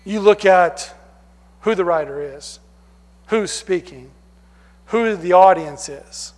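A man preaching a sermon, emphatic, swinging from loud stresses down to hushed words. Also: high-pitched, takes it slowly. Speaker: pastor. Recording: long hall reverb.

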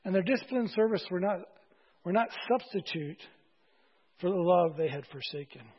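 High husky man preaching casually, church hall reverb, dull sound. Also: animated, normal speed. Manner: conversational, joking with congregation. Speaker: pastor. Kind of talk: sermon.

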